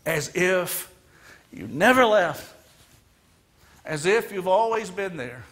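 A man's voice: high voice, expressive, slow pace, a bit bright. A man delivering a sermon as guest minister in a church, earnest and emphatic, retelling a story dramatically. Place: church sanctuary.

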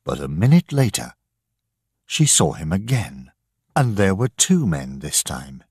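A man narrating a story slowly and deliberately for English learners. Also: deep voice, big pitch swings, darkish tone, no room sound, clean studio sound. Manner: slow, clear, deliberate reading.

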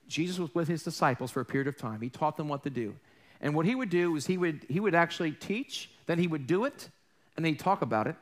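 A man preaching a sermon as a pastor, animated and acting out the voices he quotes. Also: sits high.

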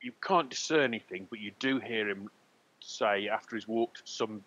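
A man narrating as game master, hesitant and full of fillers, husky voice. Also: fairly low pitch, moderate pace, a bit bright, highs cut off.

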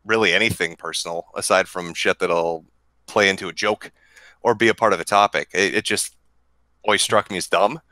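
A man hosting a casual livestream chat, talking crudely with sarcastic deadpan jokes over a buzzing desk mic. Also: sits low, brisk, dry recording, low-quality recording. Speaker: stream host. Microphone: desk mic with mechanical buzz.

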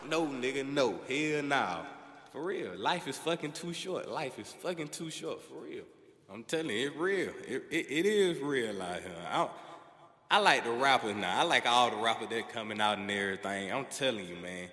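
Young male stand-up, profane and animated storyteller, live set, echoey room. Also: mid-range voice, moderate pace. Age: young adult. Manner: profane, animated storytelling with constant "you know what I'm saying". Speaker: stand-up comedian. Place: comedy club stage.

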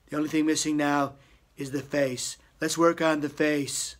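Breezy comedian, a touch high. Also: male voice, flat delivery, moderate pace. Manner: breezy and playful, chatty with fillers. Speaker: comedian teaching an impression. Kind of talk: comic tutorial.

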